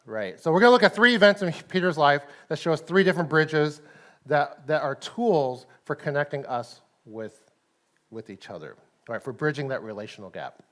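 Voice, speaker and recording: A man with a Texan accent delivers a relaxed, conversational sermon at a church service. His voice sits fairly high, and he laughs easily and tosses in "right?" to keep the congregation with him. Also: normal speed. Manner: chatty, laughs often, says "right?" a lot. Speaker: pastor.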